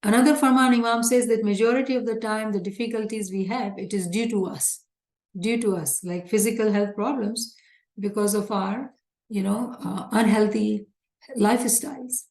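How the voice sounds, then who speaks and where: A woman's voice: medium pitch, fairly even intonation, normal speed, a little mellow. Woman teaching a religious class, earnest and repeating herself, roomy echo. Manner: earnest, repetitive, emphatic teaching. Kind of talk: religious lecture explaining scripture.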